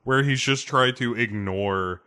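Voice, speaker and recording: A man's voice: mid-range voice, measured pace, pushed and bright, clean tone. A man co-hosting a casual film review podcast, crude and laughing through his rants.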